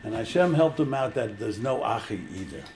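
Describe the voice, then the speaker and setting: A man's voice: mid-range voice, lively intonation, brisk, noisy background. A man giving an informal religious lecture, telling the story animatedly and acting out the quotes. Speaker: Torah teacher.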